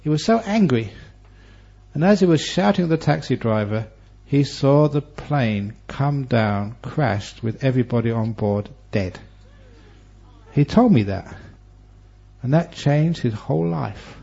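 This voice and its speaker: A man who is a Buddhist monk teacher, giving a Dharma talk and telling stories with humor and lively, varied delivery. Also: mid-range voice, unhurried, creaky, husky. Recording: dull lo-fi recording.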